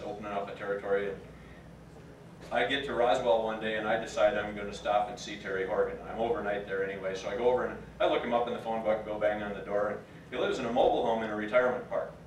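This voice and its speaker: A man's voice: lowish voice, fairly even intonation, fast talker, a little hiss or hum. Man in his fifties telling a story in an echoey room. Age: 50s. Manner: folksy, plain-spoken, gets choked up. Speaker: reunion speaker. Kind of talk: storytelling speech to an audience. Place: large room at a class reunion. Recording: echoey room, picked up from a distance.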